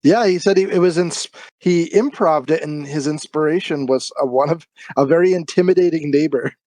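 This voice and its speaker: A man co-hosting a podcast, speaking haltingly with frequent restarts in a casual chat. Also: fairly high pitch, dark tone, no echo. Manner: hesitant, restarts often. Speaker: podcast co-host.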